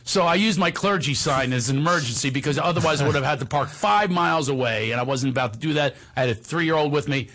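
Animated man telling a story, laughing. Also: a little high, quick pace, hardly any pauses. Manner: animated, laughing, acts out what others said. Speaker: comedian guest. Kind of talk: storytelling in a conversation.

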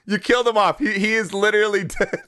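A man's voice: high-pitched, fast talker, sharp tone. A man hosting a casual comedy show, joking, laughing often and teasing his co-host. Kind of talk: casual comedic commentary on clips.

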